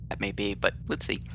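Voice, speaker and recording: A man playing an engineering officer in a casual voice-chat roleplay, relaxed and brief in his replies. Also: lo-fi sound, slight background noise.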